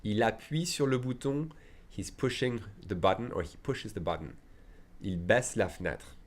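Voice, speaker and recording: Man teaching French, checking in often. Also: fairly low pitch. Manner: explains with frequent "okay?" and "d'accord?" checks, says French phrases slowly; chatty asides and fillers. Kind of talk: online language lesson.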